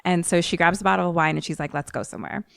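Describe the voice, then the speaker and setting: A woman co-host with a mixed American accent, a little Philly and Maryland, rambles through a film plot and acts out the characters' lines as she goes. Her voice sits a bit low. The sound is dry and close, with no room around it. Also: steady tone, racing, creaky, no room sound. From United States. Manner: loose, rambling retelling full of "like" and quoted lines. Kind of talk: casual chat.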